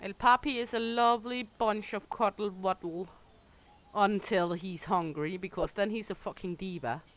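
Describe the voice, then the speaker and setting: Background noise accompanies this game streamer, a young Danish-native woman speaking at medium pitch and moderate pace. She chats casually with viewers in a playful, bawdy way, with frequent laughter and free swearing.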